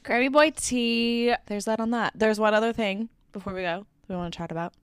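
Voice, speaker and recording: A young adult woman co-hosting a podcast. She talks through current events in a relaxed, conversational way. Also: medium pitch, fast talker, clear, resonant tone, no echo. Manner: relaxed, conversational, some filler. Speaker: podcast co-host. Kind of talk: casual news chat.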